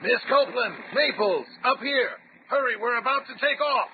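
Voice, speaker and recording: Hoarse, gravelly tough guy. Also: high-pitched, moderate pace. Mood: hurried. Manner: slangy, tough-guy talk. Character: rough-talking man posing as an adventurer's aide. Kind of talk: old-time radio drama acting. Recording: tinny, narrow-band radio broadcast with faint hiss.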